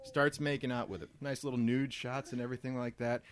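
A man's voice: mid-range voice, flat delivery, fairly quick, crowd noise. A man hosting a comedy podcast in casual chat, telling stories with animation and laughing often. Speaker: podcast host.

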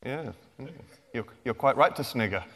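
A man's voice: medium pitch, expressive, normal speed, a bit bright. A man in his forties, a children's author, giving a playful, self-mocking comic talk to young fans. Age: 40s. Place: large lecture theatre. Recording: reverberant hall.

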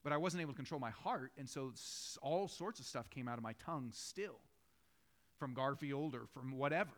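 A man in his thirties preaches a sermon in a church, mid-range pitch. He talks loosely and conversationally, telling stories and building up with animated, repeated questions. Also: normal speed. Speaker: pastor.

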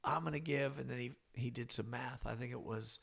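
A man's voice: medium pitch, brisk, gravelly, a bit bright. A man co-hosting a casual podcast, talking through Bible passages in a folksy, teasing way with many restarts. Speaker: podcast co-host.

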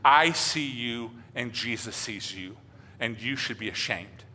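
A man's voice: medium pitch, a little slow, pushed and bright, long reverb tail, slight background noise, voice pushed down. A man doing a scolding parrot with an older woman's voice.

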